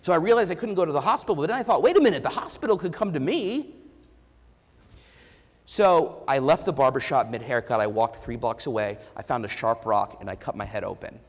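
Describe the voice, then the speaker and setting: A man giving a keynote speech, telling a candid personal story with self-deprecating humor and halting restarts, on a lavalier mic. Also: medium pitch. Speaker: keynote speaker. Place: large conference hall before an audience. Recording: long hall reverb.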